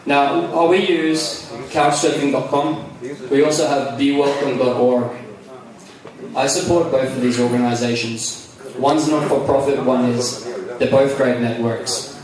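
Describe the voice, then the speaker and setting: Chatty Australian man in an echoey hall. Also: mid-range voice. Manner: chatty, self-deprecating, enthusiastic. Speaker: speaker. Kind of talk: live conference talk. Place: large hall. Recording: echoey hall, mic from far off.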